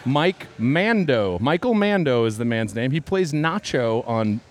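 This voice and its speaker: A man hosting comedic play-by-play at a basketball game, chatty and quick to laugh, recorded courtside. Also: medium pitch, very animated. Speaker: host and commentator.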